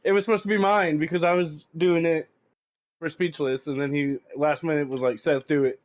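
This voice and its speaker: A young man with a somewhat higher voice, protesting and cursing in casual podcast banter. His audio is muffled and lo-fi, like a cheap mic. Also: fairly even intonation, brisk. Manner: indignant, protesting, swears. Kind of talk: casual chat.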